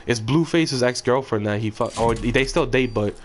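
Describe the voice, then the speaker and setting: A man's voice: medium pitch, moderate pace. A young man streaming a game, rambling in profane casual chat full of fillers. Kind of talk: casual chat while gaming. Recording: game gunfire noise behind.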